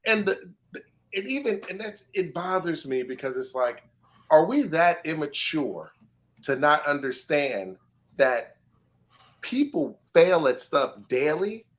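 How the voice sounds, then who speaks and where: A man co-hosting a podcast in casual discussion, animated and emphatic, often breaking into laughter. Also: a little high, measured pace. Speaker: podcast co-host.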